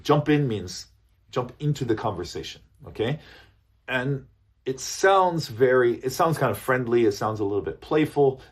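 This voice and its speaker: Husky man teaching, checks in often. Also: mid-range voice. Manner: animated, repeats phrases with checking "okay?" and "right?". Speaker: English teacher. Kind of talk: business English lesson.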